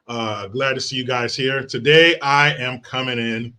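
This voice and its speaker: A man's voice: mid-range voice, fairly even intonation, measured pace, hardly any pauses, pushed and bright. A man hosting a casual political commentary stream, brash and sarcastic, swearing freely as he reads viewer comments.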